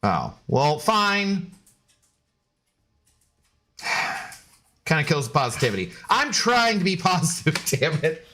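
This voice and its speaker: Male streamer, casual and rambling, baby-talks his dog; somewhat high, bright voice. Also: very animated, slow, pauses often. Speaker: streamer chatting with viewers. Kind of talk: casual live-stream chat.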